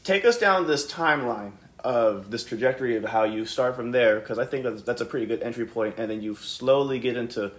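A male podcast host asking relaxed, encouraging questions in a casual interview. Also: medium pitch, brisk, hardly any pauses, echoey room.

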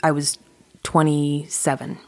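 A woman with a notably low voice tells personal stories as a guest. She chats freely, laughing often and restarting her sentences. The recording is close and dry, with no room sound. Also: little pitch movement, slow pace, darkish tone, dry recording. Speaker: podcast guest. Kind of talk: casual storytelling.

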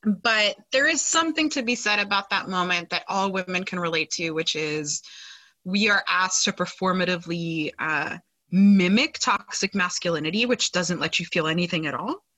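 A woman's voice: lowish voice, moderate pace, bright, forceful tone, no echo, rough recording. A woman co-hosting a podcast, recapping a TV episode in casual chat, with many fillers and sarcastic asides. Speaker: podcast co-host.

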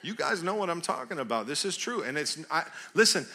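Bright-voiced, animated male pastor. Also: a little high, brisk, a faint crowd. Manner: animated, swings between loud bursts and quiet prayer; frequent restarts and laughter. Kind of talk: sermon with personal storytelling.

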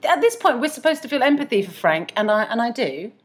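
A woman's voice: on the high side, big pitch swings, fast talker. A woman co-hosting a casual podcast chat, talking in a chatty, self-mocking way and laughing often. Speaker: podcast co-host.

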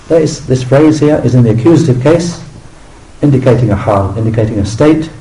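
A man teaching a recorded religious lesson, explaining an Arabic text in measured English and repeating each term with its meaning. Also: medium pitch, mellow, echoey room, a little hiss or hum, rough recording. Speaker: teacher translating and explaining a scholar's commentary.

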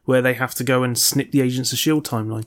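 A man co-hosting a podcast, talking quickly in casual chat. His manner is dry and grumbling, and his pitch sits in the middle range. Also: fairly even intonation. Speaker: podcast co-host.

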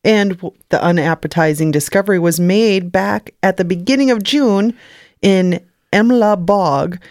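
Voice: mid-range voice, a little slow, darkish tone, no echo, studio quality. A podcast co-host reading odd news stories in casual, amused banter. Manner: amused, laughs often.

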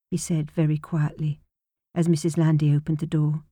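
A woman narrating an audiobook in a measured, even storytelling manner, close to a studio mic. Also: deep voice, no echo. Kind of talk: scripted narration.

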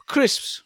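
A man's voice: a bit bright, dry recording, clean studio sound. A man co-hosting a comedy podcast, rambling silly tangents and swearing. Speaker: podcast co-host. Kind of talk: casual comedy chat.

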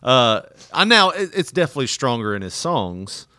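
A man co-hosting a casual reaction chat, chatty and quick to laugh. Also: mid-range voice, dry recording, studio quality. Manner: animated, laughs often, chatty. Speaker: co-host.

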